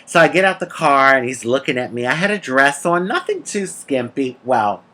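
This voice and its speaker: A woman telling a personal story in a casual, animated, sassy way, calling the listener honey and laughing between lines. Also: deep voice, measured pace. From United States. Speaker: vlogger.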